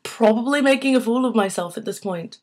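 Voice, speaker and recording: A woman's voice: on the high side, a little fast, close to an everyday voice. A woman putting on a shaky fake Irish accent. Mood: self-mocking. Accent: imitation Irish. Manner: self-conscious, laughing at own attempt. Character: young woman faking a Cork-tinged Irish accent. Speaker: vlogger. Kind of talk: casual vlog chat.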